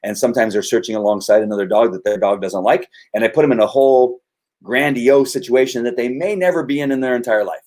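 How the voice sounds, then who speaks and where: A man's voice: medium pitch, quick pace, a little mellow. A man who trains dogs, explaining his methods in casual talk and often restarting his sentences. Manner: rambling, with many restarts and repeated words. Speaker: dog trainer.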